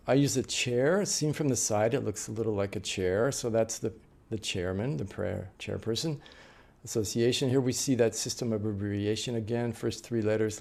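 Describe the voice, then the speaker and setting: A man's voice: medium pitch, creaky, mellow. A middle-aged man teaching a class as an interpreter trainer, explaining patiently with frequent fillers and restarts. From United States. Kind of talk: lecture on note-taking.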